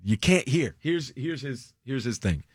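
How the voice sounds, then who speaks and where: A man's voice: medium pitch, lively intonation, measured pace, slightly rough, no room sound, clean studio sound. A man co-hosting a morning radio show, telling stories and joking with his co-host in casual banter.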